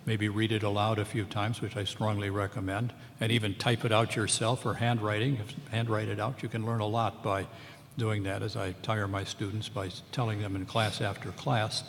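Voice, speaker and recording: A man, an English professor on a memorial panel, giving a measured close reading of a poem and slowing down to sound out lines of verse. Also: on the low side, flat delivery, slight background noise. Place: large lecture hall at a memorial event. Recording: long hall reverb.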